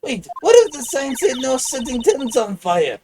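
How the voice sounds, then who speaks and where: A man's voice: very high-pitched, big pitch swings, moderate pace, background noise, full character voice. A man voicing a cheerful, curious young female sidekick in a raised, chirpy voice while reading game dialogue.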